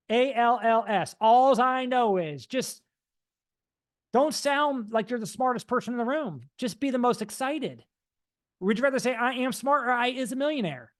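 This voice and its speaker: A man giving an energetic motivational talk, mimicking dull and excited voices to make his point. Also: sits high. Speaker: motivational speaker.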